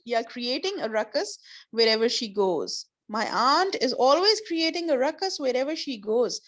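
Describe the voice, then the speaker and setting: A woman's voice: on the high side, animated, normal speed. A woman teaching an online class over a video call, explaining words patiently with examples and encouraging her students.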